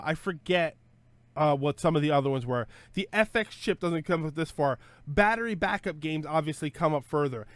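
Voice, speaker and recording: On a casual live stream, a male host with a high, somewhat bright voice thinks aloud and cracks jokes, correcting himself and using lots of fillers. There's no echo on the recording.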